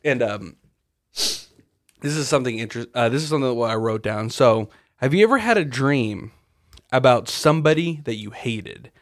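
A man with a mid-range voice and lively intonation co-hosts a podcast at a moderate pace, joking around and cursing casually. The recording is dry, with clean studio sound.

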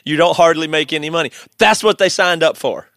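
Male co-host, slightly high voice, teasing banter, dry studio mic. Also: a little fast, fairly bright tone, no echo. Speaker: podcast co-host. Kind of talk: casual chat.

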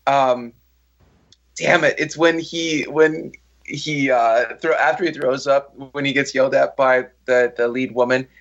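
A man co-hosting a casual movie chat, excitable and swearing as he gushes about actors. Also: mid-range voice, a little slow, highs cut off. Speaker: podcast co-host.

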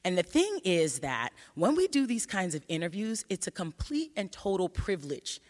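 Woman, storytelling talk, animated, acts out quoted voices, echo of a big hall. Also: fairly low pitch, moderate pace. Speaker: researcher giving a talk. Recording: hall reverb.

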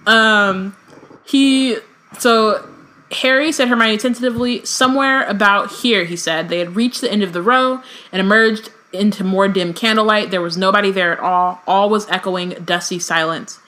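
A woman's voice: medium pitch, normal speed, fairly bright tone. An American woman co-hosting a podcast, chatting casually with swearing and reading a novel aloud with asides. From United States. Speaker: podcast co-host.

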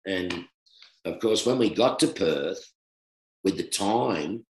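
A middle-aged Australian man, a former cricketer, telling a long anecdote in a casual, animated way, often laughing. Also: low-pitched, slow. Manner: animated, laughing storyteller who acts out quoted voices. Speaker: former cricketer, guest storyteller. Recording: roomy echo.

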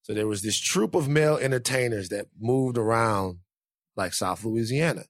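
A man telling a story in casual chat, animated and acting out other people's lines in shifting voices. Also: mid-range voice, normal speed, no room sound, clean studio sound.

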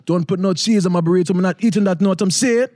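A man's voice: high-pitched, fast talker, a little mellow, dry recording, close to an everyday voice. Goofy Jamaican-accented customer put on by a man, raised voice, dry close sound. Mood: playful. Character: goofy man ordering at a drive-thru, playful.

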